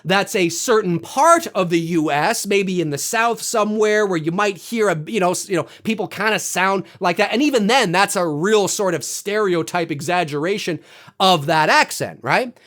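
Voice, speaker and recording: A Canadian man from Toronto, venting his pet peeves in a casual, animated, occasionally profane rant to his viewers. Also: high voice, normal speed. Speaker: vlogger.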